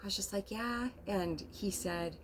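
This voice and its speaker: Soft-spoken middle-aged woman, emotional and rambling. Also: on the low side, steady tone, unhurried, a little hiss or hum. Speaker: vlogger. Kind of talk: casual storytelling monologue. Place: inside a camper.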